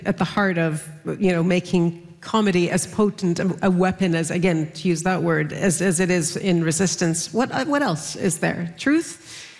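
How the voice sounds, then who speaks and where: A woman hosting a panel, asking measured questions. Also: fairly low pitch, long reverb tail. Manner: measured questions, frequent backchannels. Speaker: host, moderator. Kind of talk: moderated panel discussion.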